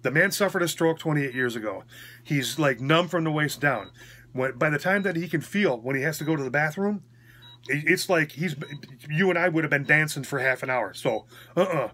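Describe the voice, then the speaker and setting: A man's voice: a little high, lively intonation, moderate pace, bright, forceful tone. Frank, rambling man telling a story. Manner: rambling and frank, checking in with 'okay?'. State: recovering after a hospital stay. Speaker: vlogger. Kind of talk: casual storytelling rant.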